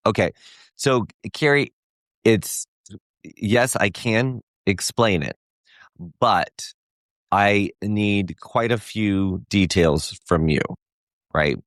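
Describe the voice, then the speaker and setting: A man's voice: fairly low pitch, very slow, long pauses, fairly bright tone, dry recording, studio quality. A middle-aged man hosting a live-stream coaching session, talking emphatically and reading out viewers' chat replies. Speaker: host.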